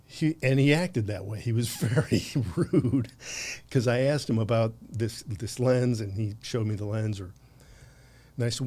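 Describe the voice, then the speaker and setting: A man's voice: mid-range voice, unhurried, a little mellow. A man in his sixties from the United States, a podcast guest telling long anecdotes with frequent laughs and restarts. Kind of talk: conversational anecdote.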